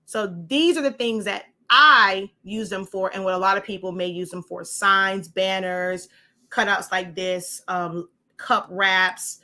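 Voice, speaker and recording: Bright-voiced woman giving a chatty craft tutorial. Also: mid-range voice, fairly even intonation, measured pace. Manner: chatty, rambling, with many fillers and asides. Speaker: crafting instructor. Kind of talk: casual show-and-tell tutorial.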